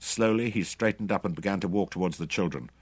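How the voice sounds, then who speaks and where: A man narrating an adventure audiobook in a dramatic, expressive reading. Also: sits low, fast, breathy edge, no echo. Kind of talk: scripted narration.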